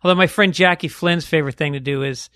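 A man guesting on a podcast as a comedian, joking quickly and telling stories. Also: a little high, bright, forceful tone, dry recording, studio quality. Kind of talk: casual chat.

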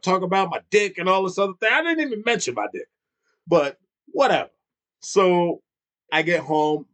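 A man's voice: a little high, a bit bright. A man in his thirties telling a funny childhood story in casual chat, swearing freely and laughing often. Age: 30s.

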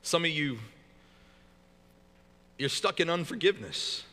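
High, bright-voiced pastor preaching in a hall. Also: male voice, expressive, a little slow. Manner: conversational and joking, with many repeated restarts. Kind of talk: sermon.

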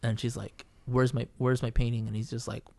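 A man's voice: mid-range voice, level tone, brisk, creaky, dark tone. A man, a painter and podcast guest, telling a story in casual chat, swearing freely and rambling through fillers and restarts.

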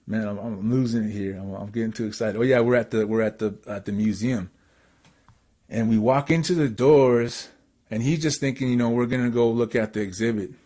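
Excitable rambling Canadian storyteller man. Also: lowish voice. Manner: excitable, rambling, lots of fillers. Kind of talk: casual storytelling.

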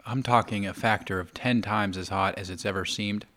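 A man's voice: on the low side, fairly even intonation, normal speed, fairly bright tone. A man chatting casually to camera for his video blog, talking between bites of food. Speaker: video blogger.

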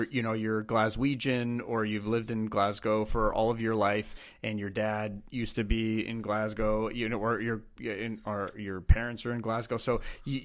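A man's voice: fairly low pitch, fairly bright tone, no echo. A man hosting a podcast in a chatty, enthusiastic way, often laughing with his guest. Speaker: podcast host. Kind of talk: casual chat. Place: in Los Angeles.

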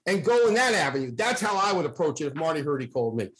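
Man, somewhat high voice, blunt, opinionated, emphatic, sports talk debate. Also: sing-song, rapid-fire, fairly bright tone, poor audio.

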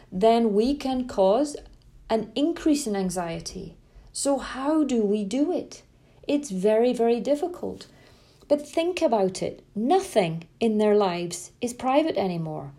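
A middle-aged woman coaching parents in an earnest, emphatic way, stressing her points by saying them twice. Her voice sits a little high but sounds mellow and soft-edged. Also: expressive, a little slow. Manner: emphatic, repeats words for stress, tells anecdotes. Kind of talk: earnest spoken talk to parents.

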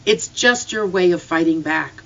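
A storybook reader voicing a patient, comforting rural mother speaking softly to her grieving son. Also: mid-range voice, measured pace, gravelly. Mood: gentle. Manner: soft, comforting. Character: gentle rural mother, middle-aged, tender and patient. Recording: slightly distant, dull lo-fi.

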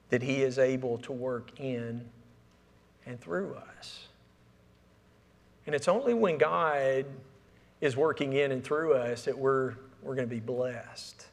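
Man preaching in a reverberant church. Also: on the high side. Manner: conversational, repeats words, asks the congregation questions. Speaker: pastor. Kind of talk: sermon. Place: church sanctuary. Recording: long reverb of a church hall.

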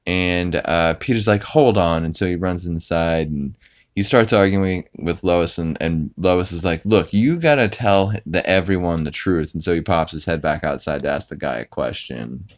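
A man's voice: deep voice, moderate pace. A man hosting a podcast, casually recapping a cartoon episode with lots of fillers. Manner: rambling, with many fillers and put-on character quotes. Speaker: podcast host.

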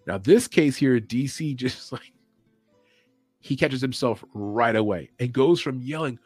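Male stream host, mid-pitched and loose, casual swearing, faint music underneath. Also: unhurried, slightly rough, no echo. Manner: loose and rambling, swears freely; mimics commentators with sudden yells and whispers. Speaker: podcast host. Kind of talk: casual livestream chat. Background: faint music playing.

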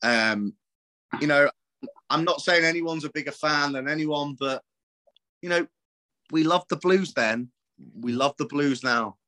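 A man's voice: a little high, a little slow, pauses often, pushed and bright. A man, talking casually on a podcast, rambling, swearing and laughing often. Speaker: podcast guest.

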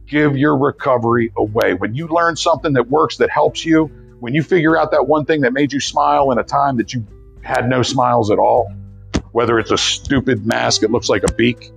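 A man's voice: medium pitch, creaky, husky. A man leading a recovery group with an earnest, preacherly talk, calling for answers from the room. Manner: earnest, preacherly, leads call-and-response.

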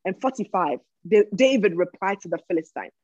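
Female preacher with a husky voice, delivering a sermon in a dry, dull recording, repeating lines for weight. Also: medium pitch, lively intonation, a little fast, a little mellow, no echo. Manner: repeats phrases for emphasis.

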